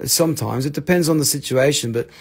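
A man's voice: a little high, fast talker, breathy edge. A man from North Carolina hosting a live crystal sale, joking and rambling as he shows each piece. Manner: jokey, rambling, self-mocking. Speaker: host of a live crystal sales stream. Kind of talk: casual live sales chat.

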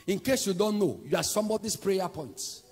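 A Nigerian man preaches fervently in a large church hall, his voice high-pitched, raspy and swinging widely as he shouts and half-sings his lines. The sound is gravelly, with a long echo and soft music underneath. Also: animated, a little fast. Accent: Nigerian English. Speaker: pastor. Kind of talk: sermon. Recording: echoey hall with music behind.

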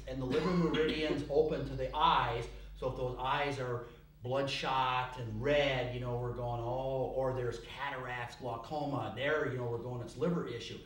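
A young adult man lectures a class in a loose, conversational way, full of "you know" and "like". He gets animated, jumping into high, giddy put-on voices for effect before settling back into his own middle-pitched voice. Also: a little hiss or hum. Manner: rambling with many fillers. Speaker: herbalist teaching a class.

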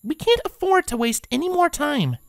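A man's voice: extremely high pitch, sing-song, normal speed, a bit bright, dry recording, studio quality, pitched above the performer's own voice, exaggerated voice. A man voicing an anxious, studious unicorn mare who leads the group, earnest and tense. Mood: composed.

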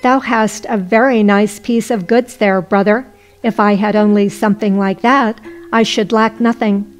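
A woman voicing a greedy, quick-tempered rich man in a folk tale, speaking in old-fashioned, scolding phrases. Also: medium pitch, fairly even intonation, faint music behind, close to an everyday voice. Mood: coaxing.

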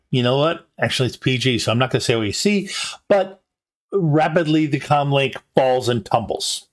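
A man narrating a tabletop game as game master at a live convention show, halting with many ums and restarts. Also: medium pitch.

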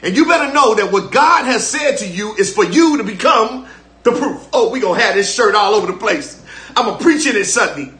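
A man's voice: high voice, expressive, a little fast, pushed and bright, roomy sound. An older man preaching a live-streamed sermon as pastor, fervent and repetitive, calling on listeners to respond.

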